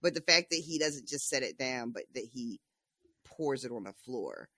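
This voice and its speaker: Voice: medium pitch, lively intonation, moderate pace, pushed and bright, no echo, clean studio sound. A podcast co-host casually recapping book chapters, laughing often.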